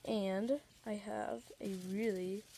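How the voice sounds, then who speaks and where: A woman's voice: medium pitch, fairly even intonation, takes it slowly, creaky, dark tone, a little hiss or hum. A woman voicing a hummingbird plush toy who is proud of its beak.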